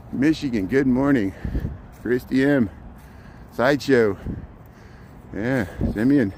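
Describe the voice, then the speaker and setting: A man's voice: mid-range voice, noisy background. Man rambling live on a city walk. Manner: rambling, restarts and repeats words. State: slightly out of breath from walking. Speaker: walking livestream host. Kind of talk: casual live walking commentary. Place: outdoors in a city park at dawn.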